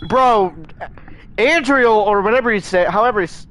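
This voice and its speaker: Guy streaming a game live, kinda high voice, rambly and worked up, yelling at chat a lot. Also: moderate pace, a little hiss or hum. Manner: excitable, rambling, scolds chat with frequent restarts.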